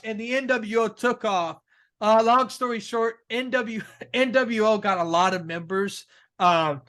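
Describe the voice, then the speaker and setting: An excitable man co-hosts a casual wrestling chat. His voice sits high and sounds bright and forward, and he gushes about the moments he loves and laughs often. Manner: excitable, gushing, quick to laugh. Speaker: co-host.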